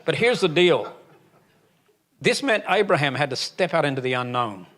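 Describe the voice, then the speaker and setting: Folksy preacher, fairly high voice. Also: male voice, sing-song, moderate pace, fairly bright tone. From Alabama, USA. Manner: emphatic, folksy, joking asides. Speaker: pastor. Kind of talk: sermon.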